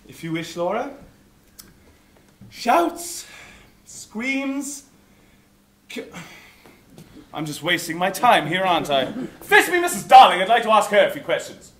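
A man plays a pompous, bumbling inspector who interrogates with theatrical flourishes. His voice is bright and very lively in pitch. It is heard from far off in an echoey hall with faint noise. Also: measured pace, long pauses, full character voice. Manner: theatrical, lively, mock-grand. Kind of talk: amateur stage comedy acting.

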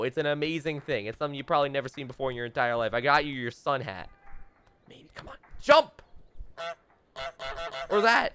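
A man's voice: medium pitch, fairly bright tone, clean tone. A young man doing playful gameplay commentary as a let's play host, teasing and mock-dramatic, talking straight to the game characters.

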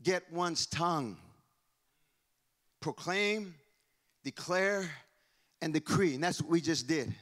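Fervent high-voiced male pastor preaching. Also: expressive, takes it slowly, pauses often. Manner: fervent, declaring and chanting, often shouting. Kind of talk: sermon. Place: church sanctuary.

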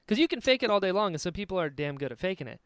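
A man hosting a podcast interview, talking encouragingly and quickly agreeing with his guest. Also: sits high, very animated, fairly bright tone, clear, resonant tone. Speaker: podcast host. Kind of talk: casual interview chat.

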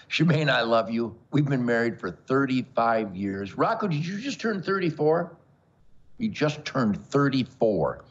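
Through dull audio, a medium-pitched voice with a breathy edge belongs to an older man hosting a show. His rambling to camera is boastful, bombastic and jokey, punctuated by frequent laughs.

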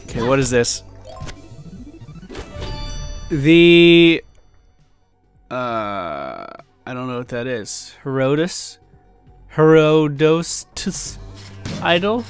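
A man hosting a let's play, giving casual gameplay commentary in an excitable way, swearing often and reacting loudly to loot. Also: mid-range voice, drawn-out words, pauses often, faint music behind.

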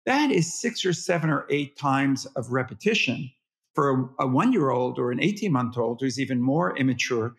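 This interview guest, a man who specializes in parenting, speaks at a moderate pace in a mid-range voice. His explanations are lively and demonstrative, and he mimics the way parents address toddlers.

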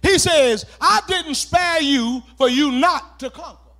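A pastor preaching a sermon, calling for responses and shouting key words as he repeats phrases. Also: very high-pitched, slow pace.

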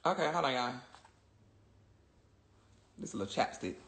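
A social media personality with a very deep, gravelly, expressive voice chats crudely on a phone livestream at normal speed, joking and laughing often. The room is echoey and the background noisy.

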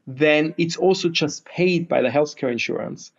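A man, a guest investor, talking with energetic optimism and slightly non-native phrasing, heard over a video call. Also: a little high, moderate pace, vocal fry. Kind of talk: enthusiastic interview talk. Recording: dull lo-fi remote audio.

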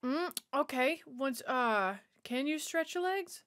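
A woman's voice: high-pitched, expressive, slow, a bit bright, slight background noise. A woman giving a chatty, sassy running commentary while watching a film. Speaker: movie watch-along host.

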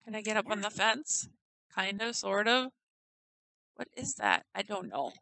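A woman's voice: medium pitch, unhurried, gravelly, bright, forceful tone, no room sound, low-quality recording. A woman giggling and thinking aloud in casual commentary as she tours a house in a game. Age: adult. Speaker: gamer touring a player-built house.

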